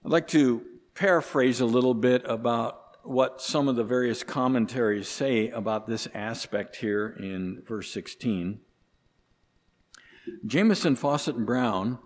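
A man preaching a sermon slowly and deliberately, his voice lifting hard on the words he stresses. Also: medium pitch. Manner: slow, deliberate preaching with emphatic rises on key words. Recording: long reverb of a large hall.

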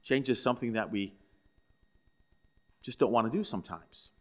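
A man's voice: mid-range voice, moderate pace. A man pastor giving a sermon in a conversational storytelling way, asking the listeners questions. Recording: echoey hall.

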